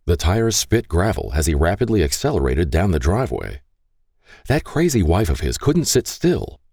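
A man narrating an audiobook in an expressive way. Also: sits low, no room sound, clean studio sound.

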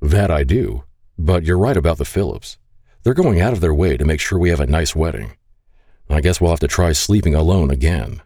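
An affectionate young groom, holding himself back, murmurs in a very deep, husky voice, as a male narrator plays him. The sound is dark and mellow, recorded dry and close. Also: expressive, fairly quick, no room sound, full character voice. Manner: warm, low murmuring and groaning.

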